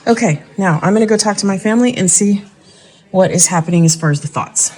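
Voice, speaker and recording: A woman's voice: mid-range voice, fast, mellow. Chatty woman touring a house. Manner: chatty, thinking aloud, hedging guesses. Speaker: vlogger giving a house tour. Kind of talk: casual walk-through narration. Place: indoors in an empty house.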